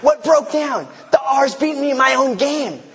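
A man's voice: very high voice, animated, normal speed, a bit bright, a little hiss or hum, voice pushed up. A man playing a baffled, panicky lion. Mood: bewildered. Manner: panicky, disbelieving exclamations. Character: bewildered male lion, proud king of the jungle. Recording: long hall reverb.

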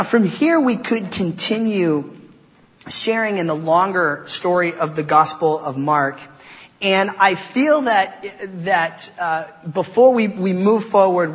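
A man preaching a sermon in a relaxed, conversational way, with frequent restarts and casual asides. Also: high-pitched. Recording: dull audio with long hall reverb.

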